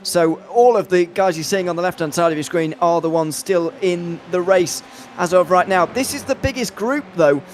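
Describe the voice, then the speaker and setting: A man commentating an online sim race, chatty and self-deprecating, with quick asides. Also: high-pitched, slight background noise.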